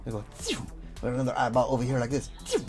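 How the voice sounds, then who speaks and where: A man's voice: medium pitch, huge pitch swings, racing, soft background music. A man leading a casual draw-along lesson, talking as he draws, playful and rambling with self-mocking asides. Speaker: drawing instructor.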